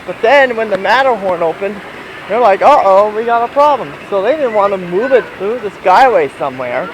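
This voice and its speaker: A young man with a high voice vlogs on a handheld camera as he walks outdoors. He rambles, restarts his sentences and sounds slightly out of breath. Loud park noise fills the background. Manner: rambling, restarts, catches breath while walking. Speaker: vlogger. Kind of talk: casual walking vlog.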